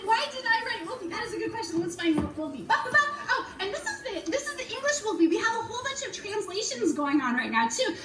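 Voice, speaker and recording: Bubbly high-voiced woman author. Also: fairly bright tone, echoey room, recorded from a distance, rough recording. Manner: bubbly, upbeat, talks to kids. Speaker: children's book author. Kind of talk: virtual school visit Q&A.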